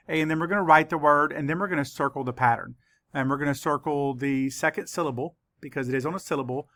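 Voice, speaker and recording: A man teaches a children's spelling lesson in a voice pitched a little above the usual male range. He spells words out slowly and deliberately, letter by letter. The recording is close and dry, with no room sound. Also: a bit bright, no echo.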